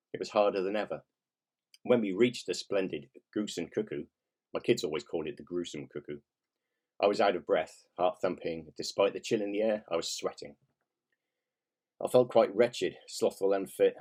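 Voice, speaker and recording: Male author, 50s, low and husky, reads his own memoir with wry self-mockery. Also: darkish tone. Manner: wry, self-mocking, with casual swearing. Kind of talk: reading his own nonfiction aloud.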